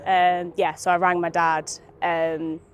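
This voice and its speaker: A woman's voice: lowish voice, little pitch movement, slow pace, slight background noise. A young woman from Britain, speaking candidly as an interview guest with many fillers and restarts, recorded outdoors in a park.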